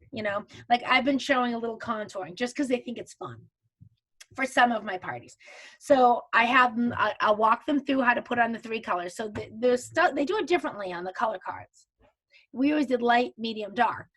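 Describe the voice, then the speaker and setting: A woman with a slightly high, fairly bright voice teaches makeup steps in a virtual class over a video call. She's a makeup consultant, and her live training is chatty and casual, with frequent restarts.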